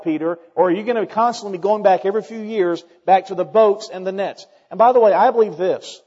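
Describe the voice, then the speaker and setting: A man preaching a sermon, emphatic and building to loud, repeated questions. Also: sits high. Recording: dull long hall reverb.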